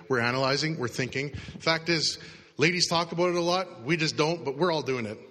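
A man preaching a sermon in a conversational way, acting out the voices in people's heads. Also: bright, forceful tone. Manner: conversational, acts out inner voices with rising pitch. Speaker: pastor. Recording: long reverb of a large hall.

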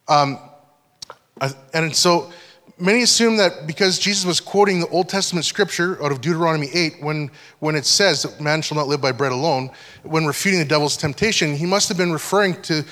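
A man's voice: fairly high pitch, sharp tone. Man preaching in a reverberant hall. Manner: conversational teaching, frequent check-ins with listeners. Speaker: pastor. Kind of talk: sermon. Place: church hall.

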